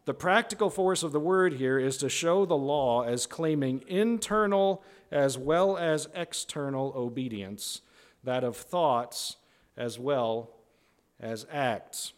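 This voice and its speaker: A man teaching verse by verse through a Bible book, deliberate and emphatic, often checking in with "right?". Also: mid-range voice. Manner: deliberate, stretches key words, often adds "right?".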